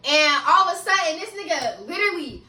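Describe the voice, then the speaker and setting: A young woman telling a casual story-time vlog, animated and laughing often, with frequent swearing, recorded in an echoey room a little away from the mic. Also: very high-pitched, a little fast, recorded from a distance. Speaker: vlogger.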